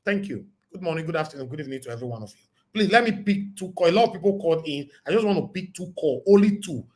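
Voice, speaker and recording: A Nigerian man hosting a livestream call-in show, talking in an emphatic, preachy way and repeating himself, his voice going hoarse. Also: on the high side. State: losing his voice. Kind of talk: casual livestream talk with call-ins.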